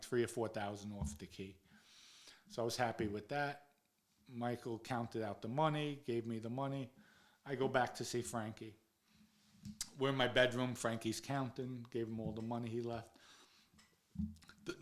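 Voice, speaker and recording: A man speaks at an everyday pitch. He tells tales from his past in a loose, casual way, with frank swearing. He voices the other people's lines as he goes. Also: a bit bright. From New York area. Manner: blunt and profane, acts out quoted dialogue. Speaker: guest recounting his own past. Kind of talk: casual first-person storytelling.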